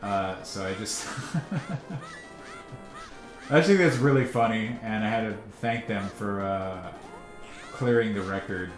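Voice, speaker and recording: A man's voice: lowish voice, measured pace, pauses often. A man, the creator of a cartoon, telling stories in casual chat, laughing often. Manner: chatty, laughs often, animated storyteller. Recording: roomy echo, faint music.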